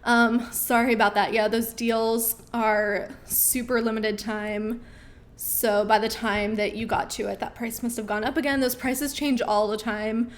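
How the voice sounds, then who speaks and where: A woman's voice: fairly high pitch, flat delivery, unhurried. Friendly young woman hosting a live Q&A. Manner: friendly, reads viewer questions aloud, frequent ums. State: losing her voice, clearing throat. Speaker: host of a live Q&A stream. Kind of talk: casual live-stream Q&A.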